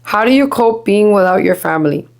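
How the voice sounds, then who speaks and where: Young woman podcast host from Miami, mid-range pitch, casual, foul-mouthed, giggly. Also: expressive, fairly quick, vocal fry, a little mellow. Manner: chatty, swears freely, laughs often, mixes Spanish. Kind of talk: casual chat.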